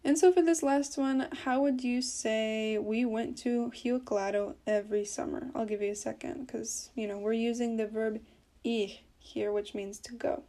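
Chatty woman teaching Portuguese, mellow voice. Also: fairly high pitch, steady tone, normal speed. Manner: chatty, explains with many fillers. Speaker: podcast host teaching Portuguese. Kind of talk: casual language lesson.

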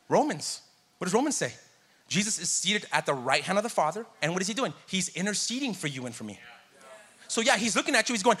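Bright, high-voiced man preaching. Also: very animated, a little fast, slightly rough. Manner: conversational and jokey, calling out to the congregation. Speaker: pastor. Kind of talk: sermon.

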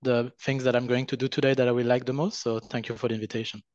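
A man's voice: mid-range voice, flat delivery, fast talker, darkish tone, dry recording. A man with a French accent, a marketing executive speaking as an interview guest, who often repeats words while he searches for phrasing. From France. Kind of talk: business interview. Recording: dry, dull lo-fi call audio.

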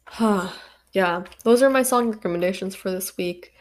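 A woman's voice: mid-range voice, fairly quick. A woman hosting a solo podcast, chatting casually in a rambling, self-deprecating way. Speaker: podcast host.

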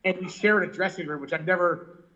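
High-voiced man telling stories, lo-fi. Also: fairly quick. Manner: animated, laughing, swearing, lots of "like" and "you know". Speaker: touring musician guest. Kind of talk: storytelling in a casual interview. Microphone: remote call mic.

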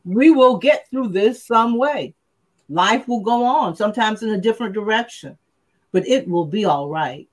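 An older woman co-hosting a relaxed podcast chat. She speaks earnestly and leans hard on key phrases, drawing them out. Her voice sits at an ordinary pitch for a woman. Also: normal speed. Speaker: podcast co-host. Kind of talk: casual chat.

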